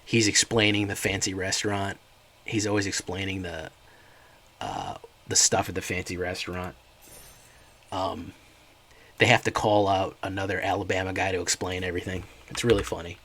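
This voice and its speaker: A laid-back man streaming a card game, rambling casually to his viewers between plays. His voice sits very low with a gravelly fry. A faint hiss stays in the background. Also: moderate pace, fairly bright tone. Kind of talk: casual gameplay chat.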